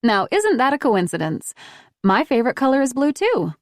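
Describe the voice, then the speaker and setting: A woman voicing a chatty woman gently coaxing a silent child, in an upbeat, questioning tone. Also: high-pitched, big pitch swings, normal speed, no room sound, studio quality, voice pushed up.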